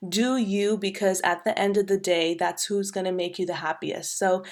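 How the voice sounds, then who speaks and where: A woman's voice: medium pitch, steady tone, normal speed. Bubbly young woman podcast guest. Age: 20s. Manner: bubbly and chatty, many ums and you knows. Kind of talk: casual podcast chat.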